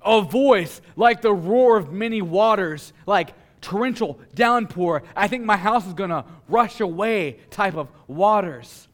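A male pastor delivering a sermon in a voice that sits fairly high for a man. He leans on dramatic pauses and swings between hushed, low passages and forceful declarations.

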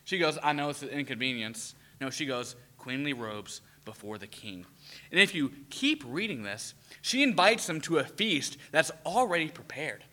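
A man delivers a sermon in a very bright, slightly high voice. He talks animatedly, throws questions at his listeners and slips into little acted-out voices. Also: moderate pace. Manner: animated, acts out quoted voices, asks the audience questions. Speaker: preacher.

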